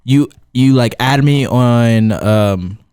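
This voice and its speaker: A man co-hosting a podcast, relaxed and conversational in casual chat. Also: mid-range voice, takes it slowly, clean tone, no room sound, clean studio sound. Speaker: podcast co-host.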